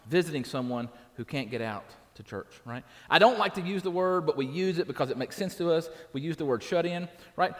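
A pastor preaches in a church sanctuary, speaking conversationally and often checking in with "right?". His voice sits high and carries the sound of a large hall.

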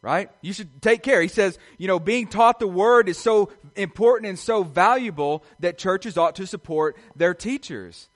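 A man's voice: high-pitched, normal speed, hardly any pauses. A man preaching a sermon as pastor, earnest and repetitive, often asking rhetorical questions to his congregation.

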